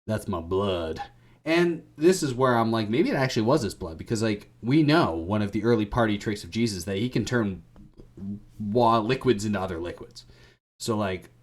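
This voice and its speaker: A man's voice: lowish voice, lively intonation, normal speed. A man hosting a podcast, giving a rambling, irreverent comedic retelling full of slang. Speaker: podcast host.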